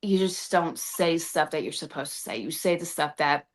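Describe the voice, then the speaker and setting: Reflective woman interviewer, fairly low voice. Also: normal speed. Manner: reflective, hesitant, with many fillers and restarts. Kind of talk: casual interview chat.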